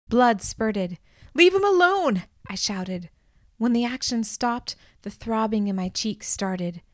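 A woman reads a first-person novel aloud, slow and deliberate, in a calm, measured voice. Each word is unhurried. The sound is dry and close, from a studio mic with no room around it. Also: mid-range voice, no room sound. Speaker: audiobook narrator. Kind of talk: scripted first-person audiobook narration.

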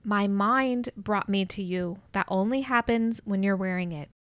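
A woman's voice: medium pitch, unhurried, fairly bright tone, no echo, lightly acted. A woman voicing a scornful male doctor of science, curt and sneering, with a dry, close sound.

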